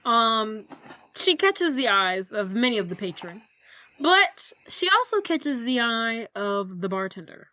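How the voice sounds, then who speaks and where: Bright high-voiced woman retelling a movie. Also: takes it slowly. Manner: animated retelling with acted quotes, swearing. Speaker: podcast co-host. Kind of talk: casual movie recap.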